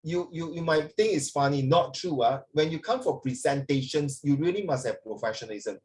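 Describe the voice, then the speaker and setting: A man's voice: a little high, fairly quick. A man teaching an online English class over a video call, joking with the pupils and mixing English with Chinese. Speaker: English tutor.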